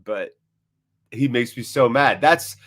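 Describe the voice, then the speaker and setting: A man's voice: mid-range voice, slow, a bit bright. A chatty man hosts a live football watchalong. He mixes play-by-play reactions with casual banter. He keeps a playful, friendly tone and answers viewers in the chat by name. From United States. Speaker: host of a fan channel.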